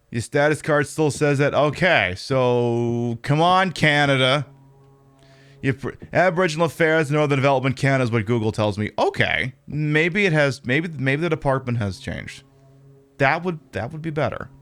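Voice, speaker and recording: A man's voice: medium pitch, fairly bright tone. A man streaming a horror game, chatting casually in a rambling, opinionated way with lots of fillers. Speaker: livestreamer. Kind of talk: casual gameplay commentary.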